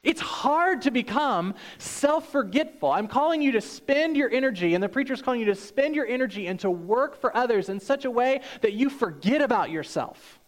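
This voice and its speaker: A man's voice: very high voice, expressive, moderate pace, few pauses. A young male pastor delivers a sermon in a church. He speaks earnestly and emphatically, often repeating key phrases for weight.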